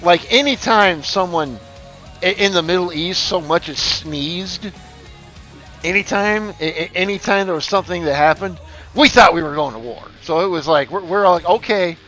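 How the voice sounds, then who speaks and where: A man's voice: sits high, moderate pace, sharp tone, soft background music. Rambling, profane male streamer. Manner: rambling, profane, many restarts. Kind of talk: casual storytelling.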